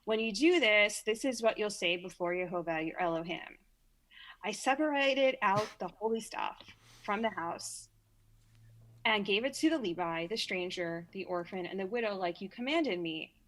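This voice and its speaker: A woman's voice: mid-range voice, moderate pace, fairly bright tone. A woman with a Brooklyn accent, a podcast guest, chatting casually and reading scripture aloud with small stumbles and repeats. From Brooklyn, New York. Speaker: guest reader.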